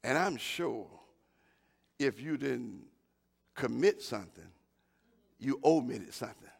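A man preaching a sermon, calling out to his congregation, repeating himself and building up to shouts. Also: mid-range voice, expressive, slow, vocal fry, breathy edge. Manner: call-and-response, rising to shouts; repeats words and restarts often.

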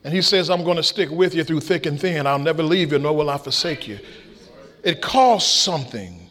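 A middle-aged man preaching a sermon, with shouted peaks and folksy stories. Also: a little high, brisk. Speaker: pastor.

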